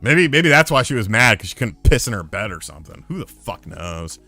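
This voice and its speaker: Dude ranting a crazy story on stream, swears a lot, swings all over the place, faint music behind. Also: male voice, on the low side, a little fast. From lived in North Carolina. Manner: profane, animated, loud when retelling a fight. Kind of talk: casual storytelling on a live stream.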